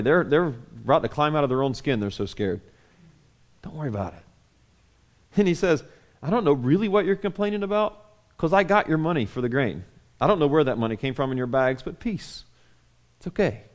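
A man preaching a sermon, acting out the people in the story with loud outbursts and then dropping to soft, hushed words. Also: medium pitch. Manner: animated, acts out quotes loudly then drops to soft hushed tones. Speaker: pastor.

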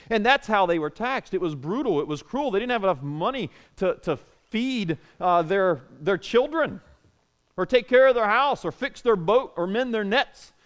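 A pastor preaching an animated sermon, full of rhetorical questions, moving between loud and soft. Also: male voice, high voice.

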